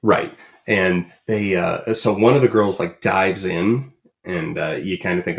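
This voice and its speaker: A man's voice: low voice, fairly even intonation, unhurried, creaky. A man co-hosting a podcast in casual chat, rambling with many ums and uhs. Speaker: podcast co-host.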